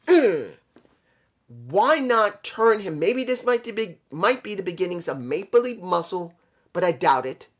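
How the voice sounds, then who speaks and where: A man from New York rants through a wrestling review. He talks bluntly and swears freely. His pitch swings up and down as he speaks to his subscribers. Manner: blunt, profane, frustrated, addresses subscribers. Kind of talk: ranting casual review.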